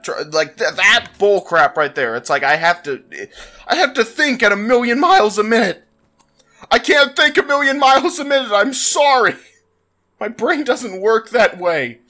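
A man narrating his gameplay in an unhurried, drawn-out delivery. His voice sits high and bright, and he keeps exclaiming in exasperation, with laughs and sighs breaking through. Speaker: gaming channel host. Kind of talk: let's play commentary.

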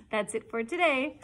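A woman librarian reading a children's chapter book aloud in a gentle storytelling manner. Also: medium pitch, a little hiss or hum, low-quality recording.

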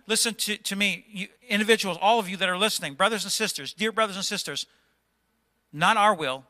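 A male pastor delivers a fervent sermon, stern and exhorting, pushing his voice up when he rebukes. His voice sits high and sounds sharply bright and piercing. It rings out with a long reverb through a church sanctuary.

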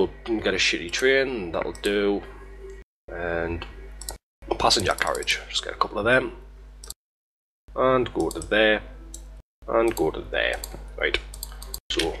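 A man with a lowish, bright, forceful voice talks through a casual screen-recorded game tutorial, rambling, swearing, and poking fun at himself. There's slight background noise.

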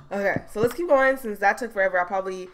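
A woman's voice: medium pitch, fast talker. A woman giving jumpy, profane commentary while playing a horror game, chatting to her viewers. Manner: jumpy, swears a lot, talks to viewers. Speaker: let's play gamer. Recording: loud background noise with clicks.

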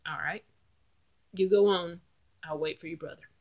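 A woman's voice: fairly low pitch, fairly even intonation, moderate pace, muffled recording, close to an everyday voice. A woman with a Southeastern North Carolina accent voicing a mean, hungry male troll who grumbles bluntly. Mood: resigned.

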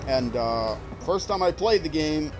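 A man's voice: on the high side, lively intonation, measured pace, over music, low-quality recording. Man rambling over his gameplay. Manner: rambling, musing aloud with restarts. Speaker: game streamer. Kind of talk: casual gameplay commentary.

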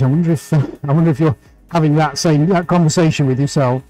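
A chatty man talks viewers through his painting on a live stream. His voice sits a little high, he laughs easily and reads out greetings by name. Soft music plays in the background. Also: fairly even intonation, fast talker, low-quality recording. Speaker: livestream painting host.

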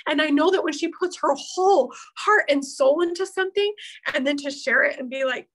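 A woman's voice: high-pitched, a little fast, fairly bright tone, low-quality recording. A woman in her thirties giving an emotional, heartfelt pep talk to her team, earnest and open, close to tears at times. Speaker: team leader at an accountability meeting.

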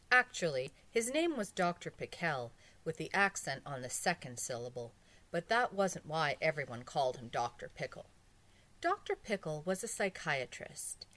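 A woman narrates a children's storybook at an unhurried pace. Her voice sits fairly low and swings widely in pitch, leaning into every scene. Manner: expressive, slow, lively pitch. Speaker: audiobook reader.

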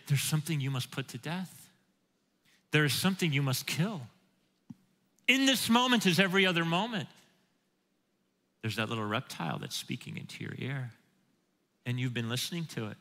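In a church sanctuary, a pastor preaches emphatically, quoting scripture and posing questions to the congregation. His voice is on the high side, pushed and bright, and the hall gives it a long reverb.

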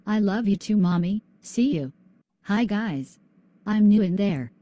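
A female student voicing a young schoolgirl who is bullied, speaking softly and earnestly in a class video. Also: mid-range voice, animated, a little slow, close to an everyday voice. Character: young bullied albino schoolgirl, sad and gentle.

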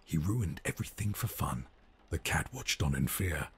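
A man narrating a rhyming storybook in a game with a husky voice, in a measured, sing-song delivery. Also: extremely low pitch, animated, fairly bright tone, heavily acted.

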